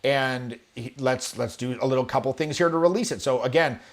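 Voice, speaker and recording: A man teaching charisma to camera, lively and demonstrative, acting out examples and swearing casually. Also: mid-range voice, a little fast. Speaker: charisma coach. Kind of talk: animated coaching talk to camera. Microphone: webcam or camera, video talk.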